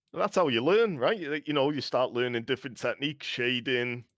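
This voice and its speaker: A man's voice: medium pitch, normal speed, a bit bright, dry recording, studio quality. A man with a slight Scouse accent chatting casually on a live stream, rambling and laughing often as a guest. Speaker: guest game maker.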